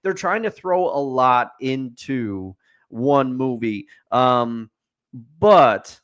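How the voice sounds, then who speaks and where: A man's voice: medium pitch, animated, extremely slow, fairly bright tone. A man co-hosting a podcast, giving an opinionated, rambling movie review in casual chat with fillers and restarts. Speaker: podcast co-host. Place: studio.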